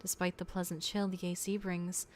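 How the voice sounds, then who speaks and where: A woman reading a video game's first-person narration, as a grown man recalling a childhood tragedy, in a soft and measured way. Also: on the low side, little pitch movement, slight background noise, natural voice. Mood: somber. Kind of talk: reading game narration aloud.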